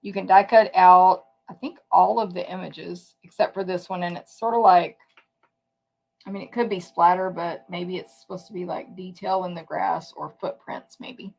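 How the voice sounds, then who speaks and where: A woman's voice: fairly low pitch, steady tone, normal speed, creaky, highs cut off. A woman giving a casual live tour of papercraft products, chatty, thinking aloud and correcting herself as she goes. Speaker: papercraft demonstrator.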